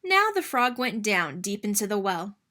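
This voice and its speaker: Bright, expressive woman reading aloud. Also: mid-range voice, moderate pace. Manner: expressive, sing-song narration. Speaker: children's book reader. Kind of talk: read-aloud storytelling.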